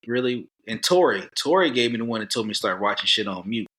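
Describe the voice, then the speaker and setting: A man's voice: lowish voice, expressive, fast, a bit bright. A man who is a comedian, chatting casually in slang and acting out what people said to him. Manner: loose, slangy storytelling with voiced asides. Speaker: comedian guest. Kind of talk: casual chat.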